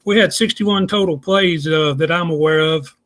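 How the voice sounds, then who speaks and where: A man's voice: on the high side, moderate pace, fairly bright tone. A man, talking casually as a guest and explaining things step by step in a folksy, plainspoken way. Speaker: guest analyst. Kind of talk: casual podcast chat.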